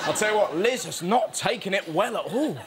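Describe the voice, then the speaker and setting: A man hosting a topical comedy show, talking in a sarcastic, animated way. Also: sits high, a little fast, very noisy. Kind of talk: stand-up style topical comedy.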